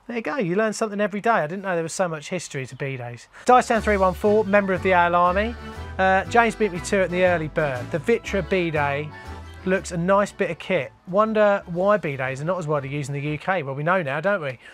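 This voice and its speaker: A man's voice: high-pitched, quick pace, fairly bright tone, soft background music. A man hosting his plumbing channel, casually reading out viewer comments and joking with viewers he calls mate.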